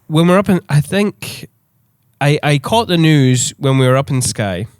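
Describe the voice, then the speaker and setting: Male podcast host, bright and animated, slightly high voice, dry close sound. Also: normal speed, smooth, dry recording. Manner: excitable, swears freely, laughs often. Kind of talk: casual podcast chat.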